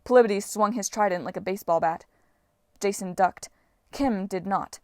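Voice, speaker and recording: A woman reads a fantasy audiobook aloud in a steady, even storytelling manner. Her voice sits in a middle pitch. The recording is close and dry. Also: moderate pace, dry recording. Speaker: audiobook narrator. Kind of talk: audiobook narration.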